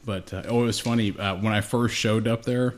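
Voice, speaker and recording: A man's voice: fairly low pitch, steady tone, brisk. A young man co-hosting a podcast, telling rambling stories in casual, heavily profane chat. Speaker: podcast co-host.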